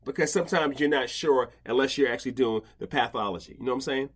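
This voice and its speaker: A man's voice: mid-range voice, quick pace, slightly rough. A man hosting a casual podcast chat, talking in rambling bursts with many restarts and stammers. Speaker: podcast host, dog behavior expert.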